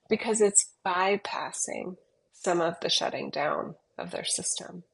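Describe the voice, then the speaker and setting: A middle-aged woman in casual podcast conversation, playful and quick to laugh. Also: fairly low pitch, vocal fry, rough recording. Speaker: podcast guest. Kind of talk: casual chat.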